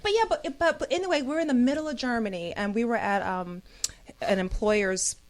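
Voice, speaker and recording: A woman from the American Midwest, a guest telling a story in a casual chat, animated and laughing often. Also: a little high, a little fast, a loud crowd. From Gary, Indiana.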